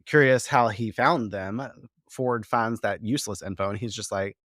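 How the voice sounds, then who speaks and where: A man hosting a podcast who recaps a TV episode in a casual, profane and animated way, full of quoted asides. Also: fairly low pitch, moderate pace, no echo, clean studio sound. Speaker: podcast host.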